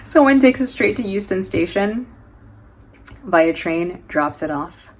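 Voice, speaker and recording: A woman's voice: medium pitch, lively intonation, unhurried. A woman from New York with an American accent, chatting casually in a travel vlog, joking and laughing often with plenty of fillers. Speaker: travel vlogger.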